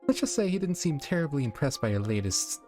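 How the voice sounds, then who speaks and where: A man's voice: on the high side, sing-song, fast, a little mellow, faint music behind, voice pushed up. Man playing a nasal, smug rival pony mare. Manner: condescending, drawling. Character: smug, jaded female pony fashionista rival.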